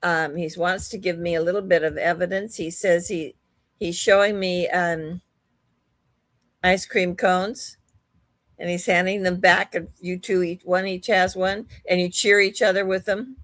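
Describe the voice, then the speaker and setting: A woman medium giving a live psychic reading in a slow, hesitant, gentle manner. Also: lowish voice, fairly even intonation, dry recording.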